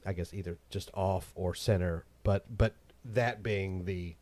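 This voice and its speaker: A man's voice: low voice, steady tone, a little slow, a little mellow. A man hosting a casual chat, talking in loose, opinionated asides. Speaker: podcast host.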